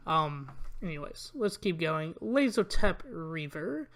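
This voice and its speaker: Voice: mid-range voice, very animated, slow, a bit bright. A channel host reviewing new trading card spoilers in a casual, rambling way, with many ums and uhs, reading card text aloud and grumbling about weak cards.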